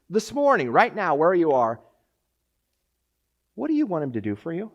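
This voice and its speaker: Gravelly pastor preaching a sermon. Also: male voice, a little high, wildly swooping pitch, moderate pace, muffled recording. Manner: swings from quiet pleading to loud urgent calls. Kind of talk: sermon closing with prayer.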